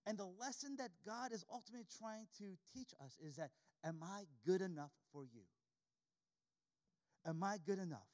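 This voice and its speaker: A man's voice: high-pitched, expressive, normal speed, a little mellow. A man preaching a sermon, reading scripture aloud and repeating key lines for emphasis. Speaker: pastor.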